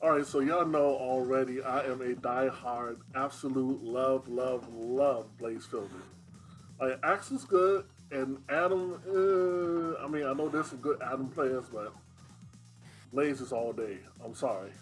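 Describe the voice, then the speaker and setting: Slow-talking, relaxed speedrunner man. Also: mid-range voice, faint music behind. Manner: slow, relaxed, chatty with many fillers. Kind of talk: casual livestream chat.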